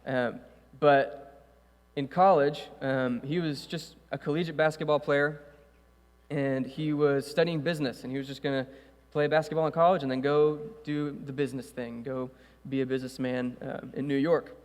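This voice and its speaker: A man's voice: mid-range voice, fairly even intonation, moderate pace. A male pastor preaching a sermon in a church, reading scripture and then explaining it casually with fillers. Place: church sanctuary. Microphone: stage microphone with echo. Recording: hall reverb in church.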